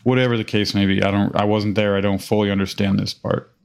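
A man with a somewhat low voice tells a rambling, profane anecdote in relaxed podcast chat. He acts out the people in his story as he goes. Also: fast, gravelly, smooth. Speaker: podcast host.

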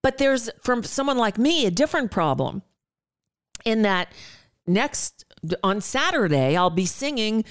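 Woman in her sixties, talk show host, rambling and exasperated, smooth clear voice. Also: a little high, big pitch swings, measured pace. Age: 60s. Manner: chatty, exasperated, with frequent restarts and asides. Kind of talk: casual monologue.

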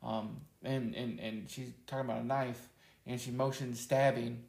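A man's voice: medium pitch, flat delivery, normal speed, creaky, a little mellow. A man co-hosting a podcast, joking around and telling stories with frequent laughs. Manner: jokey storyteller, laughs often. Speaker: podcast co-host. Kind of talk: casual podcast banter. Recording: echoey room.

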